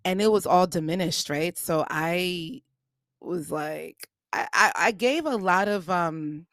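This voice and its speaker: Low-voiced woman telling a personal story. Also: takes it slowly, fairly bright tone, no room sound, clean studio sound. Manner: candid, conversational, acts out quoted voices. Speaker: podcast host.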